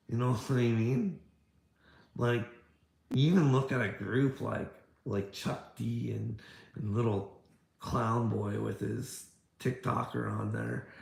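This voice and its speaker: Gravelly man ranting, echoey room. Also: fairly low pitch. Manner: combative, fires off rhetorical questions, keeps saying "bud" and "you know what I mean"; swears a lot. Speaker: video creator ranting at a critic. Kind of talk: confrontational rant.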